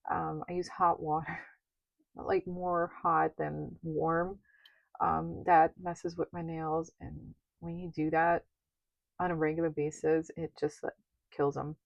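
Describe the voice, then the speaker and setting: A young budgeting vlogger with a deep, gravelly voice chats casually as she stuffs cash into budget envelopes, rambling with lots of filler words. The audio is dull, with no echo.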